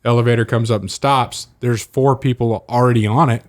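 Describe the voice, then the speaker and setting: A man co-hosting a podcast, telling stories in a lively way and often breaking into laughter. His pitch is mid-range for a man. The sound is close and dry, with no room echo. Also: fairly quick. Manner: animated storyteller, laughs a lot. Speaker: podcast co-host. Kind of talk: casual chat.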